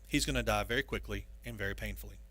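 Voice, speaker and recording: A male preacher voicing a solemn doctor delivering bad news in a lower, quieter tone. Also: dry recording. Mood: grave. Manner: solemn, measured.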